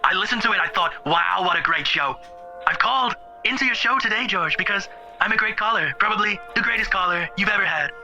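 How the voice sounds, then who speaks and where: Brief: man putting on a bragging president impression, high voice, self-praising, lo-fi clip with music. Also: fairly quick, bright, forceful tone, full character voice. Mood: boastful. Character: boastful male impression of a US president. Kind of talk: comedy phone-call impression.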